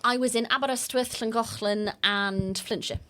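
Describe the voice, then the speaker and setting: A woman's voice: fairly high pitch, fairly even intonation, normal speed, fairly bright tone, slight background noise. A woman playing in a tabletop game, chatting in a rambling, talkative way with laughing asides. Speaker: player. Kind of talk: casual chat.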